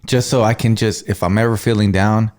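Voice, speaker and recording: A man hosting a casual podcast, asking relaxed, amused questions. His voice sits low. His talk is easygoing and friendly. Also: fairly quick. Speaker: podcast host. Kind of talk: casual chat.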